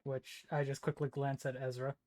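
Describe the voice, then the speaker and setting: A man's voice: mid-range voice, flat delivery, normal speed, a little mellow. A man playing in a tabletop role-play, describing his character's actions in the first person. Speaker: player.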